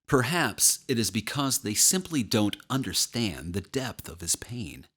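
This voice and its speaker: A male narrator with a lowish voice reads a horror novel in a measured, steady way. His delivery is even and unhurried, carrying the story's quiet dread. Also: breathy edge. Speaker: audiobook narrator. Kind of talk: scripted audiobook narration.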